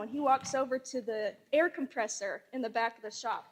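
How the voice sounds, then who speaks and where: Woman with a high voice telling a funny memorial story, lots of acted-out quotes and laughing. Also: brisk. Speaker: memorial speaker. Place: hall at a memorial service.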